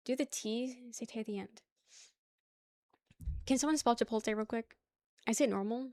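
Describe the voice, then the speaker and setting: A woman's voice: a little high, moderate pace, dark tone, dry recording. A young woman hosting a casual livestream, chatting loosely with her viewers, swearing and laughing often. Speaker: livestream host. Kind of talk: casual chat with chat.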